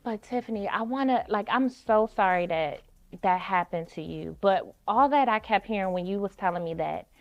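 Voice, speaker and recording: A woman's voice: medium pitch, expressive, moderate pace, no echo. A woman hosting a faith podcast, answering her guest with affirmations and faith-filled encouragement. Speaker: podcast host. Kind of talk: supportive interview chat. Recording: dull lo-fi audio.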